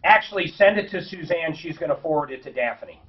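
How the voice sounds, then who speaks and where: A man's voice: fairly high pitch, lively intonation, brisk. A man co-hosting a radio show, joking and blunt in casual banter. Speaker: co-host. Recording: echoey, distant, muffled.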